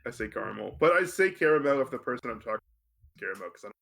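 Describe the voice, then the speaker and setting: A young man co-hosting a podcast in casual chat, playful and animated, breaking into goofy sound effects. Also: mid-range voice, rapid-fire. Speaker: podcast co-host.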